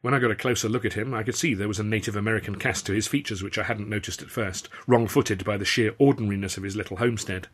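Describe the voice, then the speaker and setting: A man's voice: fairly low pitch, steady tone, fast talker, few pauses, breathy edge. A man reading his own first-person story aloud in a wry, dry storytelling manner. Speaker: author and reader.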